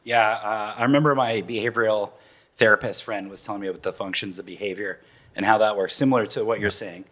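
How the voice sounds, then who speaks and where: A man's voice: lowish voice, steady tone, quick pace, a bit bright. A man, a patient's father, chatting casually on stage and saying "like" a lot. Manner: chatty, says "like" often.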